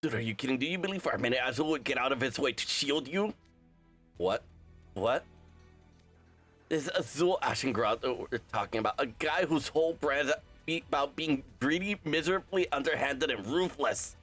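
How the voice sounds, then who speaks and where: Young guy reading a game story out loud, super lively pitch, faint music behind. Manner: animated, with quick self-corrections and asides. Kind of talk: game script readthrough, voicing all parts.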